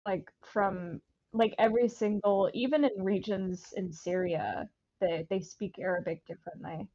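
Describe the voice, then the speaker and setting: Brief: excitable, rambling woman, mid pitch, dry muffled lo-fi mic. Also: a little slow, no room sound. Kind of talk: casual chat. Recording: dull lo-fi mic.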